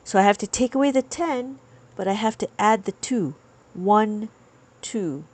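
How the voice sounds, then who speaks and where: A woman's voice: mid-range voice, animated, measured pace, a little mellow. Chatty woman teaching abacus on stream. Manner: chatty, reads viewer comments aloud and answers them. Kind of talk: live stream chat with viewers.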